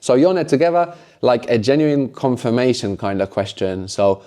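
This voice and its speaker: A man's voice: mid-range voice, expressive, normal speed, few pauses, mellow. A man teaching a language lesson, explaining patiently and often closing points with a questioning "no?".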